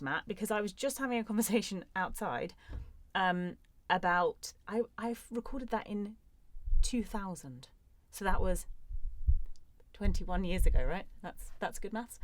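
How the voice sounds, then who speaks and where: In a recording studio with no echo, a woman in her thirties speaks at a medium pitch. She's an actor answering fan questions in a relaxed, chatty way, full of playful, self-mocking humor.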